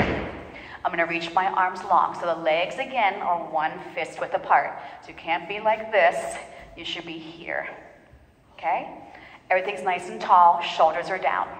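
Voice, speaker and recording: A woman instructing a live pilates class, counting reps and encouraging the people in the room. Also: lowish voice. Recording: roomy hall reverb.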